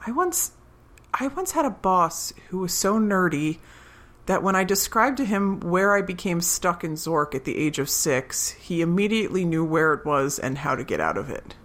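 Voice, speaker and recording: A woman's voice: on the low side, very animated, moderate pace, a bit bright. A woman in her forties co-hosting a podcast, chatting casually about a TV episode, laughing often and trailing off into asides. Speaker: podcast co-host. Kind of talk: casual chat recapping a TV episode.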